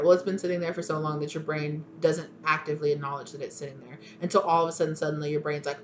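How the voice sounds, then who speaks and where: A woman's voice: sits low, fairly even intonation, fast talker, a little hiss or hum. Chatty rambling woman reading tarot. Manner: rambling, chatty, full of fillers and restarts. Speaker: tarot reader. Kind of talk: casual spoken tarot reading.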